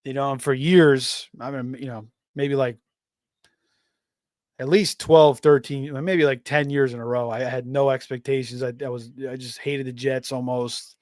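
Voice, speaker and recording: A man's voice: medium pitch, fairly even intonation, normal speed, darkish tone, dry recording, clean studio sound. A man hosting a live fantasy football stream, talking casually with many fillers and restarts while reading out chat messages. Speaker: fantasy football livestream host.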